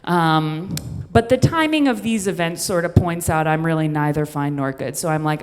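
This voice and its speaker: A woman's voice: low voice, normal speed. A woman from the Midwest telling a comedic story on stage, chatty and self-deprecating, with rambling asides. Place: stage in a venue with an audience. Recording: long hall reverb.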